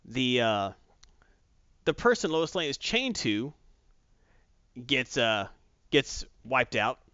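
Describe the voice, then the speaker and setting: A man casually recapping a comic book story as a podcast host, jumping into quick character voices as he retells it. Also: mid-range voice, very animated, pushed and bright, clean tone, no echo, dull audio.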